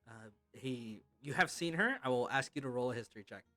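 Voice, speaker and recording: A man narrating as game master, telling a tabletop game in a casual, halting way. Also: medium pitch, animated, bright, forceful tone, no room sound, faint music behind.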